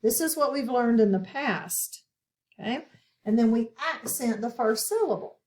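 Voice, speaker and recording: A woman teaching a phonics lesson to children, asking questions and pausing patiently for answers. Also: a little high, expressive, a little mellow. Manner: slow, patient, asks questions and pauses.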